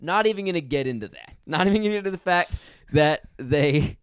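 A man's voice: fairly high pitch, expressive, fast talker, clear, resonant tone, no echo, clean studio sound. A young man co-hosting a podcast, telling exasperated stories about a bad movie with plenty of swearing. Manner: exasperated storytelling, heavy swearing. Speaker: podcast co-host. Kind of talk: casual movie review chat.

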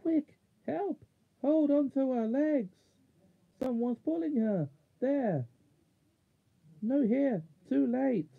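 A man's voice: on the high side, slow pace. Puddleglum, a man doing a glum marsh creature. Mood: frantic. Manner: mournful, fatalistic grumbling. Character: gloomy lanky marsh creature, male, glum. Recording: narrow phone-like sound.

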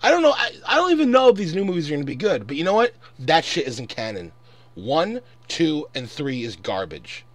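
A man's voice: fairly high pitch, big pitch swings, a little fast, no room sound. A man in his twenties ranting angrily and profanely in a casual commentary. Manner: angry, profane, exasperated. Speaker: vlogger.

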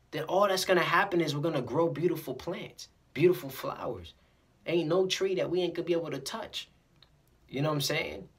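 A motivational vlogger talking casually to the camera, animated and preachy, repeating words and acting out little scenes. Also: mid-range voice.

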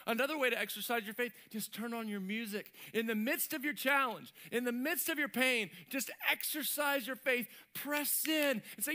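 Bright, animated male pastor preaching. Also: very high voice, normal speed, few pauses. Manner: animated preaching with acted-out voices and sound effects. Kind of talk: sermon. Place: church stage.

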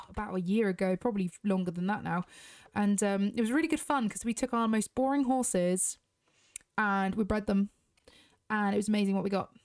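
British woman gamer, casual chatty commentary, close dry sound, mid-pitched. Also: no room sound. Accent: British English. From Britain. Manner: chatty, talks straight to viewers. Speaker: gaming YouTuber.

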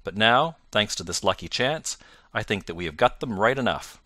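A man reading the part of a jovial, confident male police inspector in an audiobook, loud and hearty. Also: fairly low pitch, animated, normal speed, no echo, clean studio sound.

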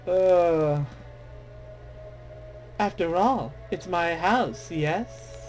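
A young man commenting casually on a game he plays, excitable and dramatic, mocking himself, with game music behind. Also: high voice, very slow, long pauses. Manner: excitable, dramatic, self-deprecating. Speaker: let's play gamer. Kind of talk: casual game commentary, reading dialogue aloud. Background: faint game music.

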